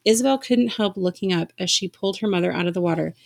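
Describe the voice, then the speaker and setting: A woman reading a novel aloud with dramatic expression, lifting her voice for the characters' shouts. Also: quick pace, creaky. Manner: dramatic reading, raising pitch for shouted lines. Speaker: reader.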